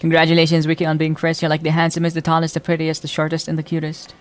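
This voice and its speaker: A man's voice: on the high side, completely flat delivery, racing. A man streaming a game, chatting casually, teasing his viewers and laughing often as he reacts to chat. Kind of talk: casual live-stream chat while playing.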